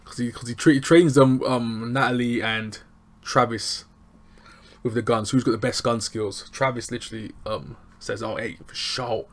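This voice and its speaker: A man with casually recapping a TV episode, animated and chatty, acting out lines from scenes. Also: medium pitch, normal speed. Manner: animated, chatty, acts out quotes. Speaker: TV show reviewer.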